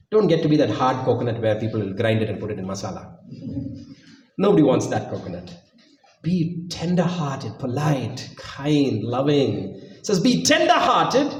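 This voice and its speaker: A man's voice: on the high side, mellow. A man preaching a sermon, acting out quotes with jokey asides. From India. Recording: echoey hall, mic from a distance.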